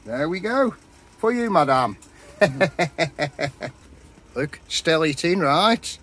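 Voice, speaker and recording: A rambling, matey man, talking at an unhurried pace in a slightly raised voice. He chats away while cooking at a campsite, with faint outdoor noise around him. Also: on the high side, a bit bright. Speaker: vlogger. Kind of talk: casual chat while cooking.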